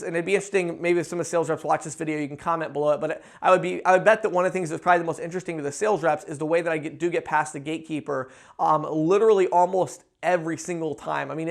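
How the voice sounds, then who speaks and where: High, gravelly-voiced male sales trainer. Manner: energetic, quick demonstrations of sales lines. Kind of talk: instructional talk to camera.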